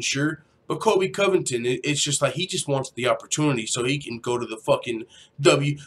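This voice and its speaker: Slangy, rambling young man with a higher voice. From grew up in a Mexican neighborhood. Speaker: MMA livestream host. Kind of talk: casual livestream chat reading chat comments.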